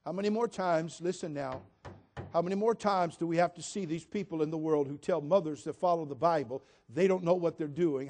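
A man's voice: fairly high pitch, mellow. A man preaching a sermon as pastor, emphatic and repetitive, putting direct questions to the congregation.

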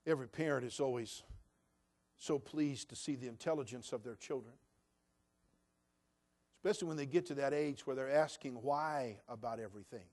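A male pastor, preaching a sermon that moves between hushed, soft passages and loud, emphatic declarations, slowing down to stress key phrases. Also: mid-range voice.

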